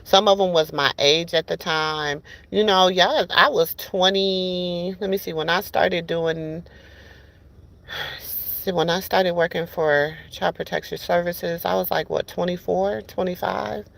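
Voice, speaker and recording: Gravelly-voiced woman telling stories casually. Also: fairly low pitch, fairly even intonation, unhurried, fairly bright tone. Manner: chatty, addresses listeners as "y'all" and "baby", many restarts. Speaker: podcast host. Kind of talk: casual storytelling chat.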